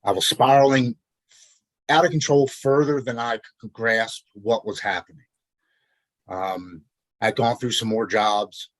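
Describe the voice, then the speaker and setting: A man in his forties telling his personal recovery story as a podcast guest, earnest and halting, often restarting his sentences. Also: medium pitch, steady tone, no room sound. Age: 40s. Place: Maryland.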